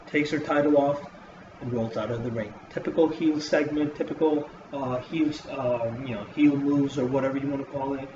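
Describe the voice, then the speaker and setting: The speaker, a man with a medium-pitched, fairly even voice at a moderate pace, gives a casual wrestling-show review in a vlog. Expect heavy profanity and rambling full of fillers over a roomy, dull, hissy lo-fi recording.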